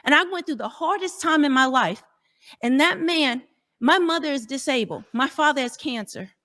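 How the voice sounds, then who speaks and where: A woman's voice: sits high, expressive, normal speed, sharp tone. A woman, a dating coach, arguing in a heated debate, defensive and talking over others.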